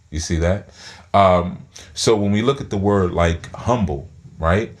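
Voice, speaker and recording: A man's voice: deep voice, moderate pace. A man giving a spiritual teaching talk, speaking through his teeth and often repeating words as he thinks aloud.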